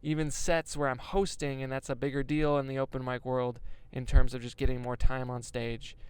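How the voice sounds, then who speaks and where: A man's voice: mid-range voice, little pitch movement, moderate pace, a little mellow, clean tone, no room sound. A young man, a stand-up comedian, chatting casually and rambling with self-deprecating jokes and swearing while he drives a van. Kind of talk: casual vlog chat while driving. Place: inside a moving van.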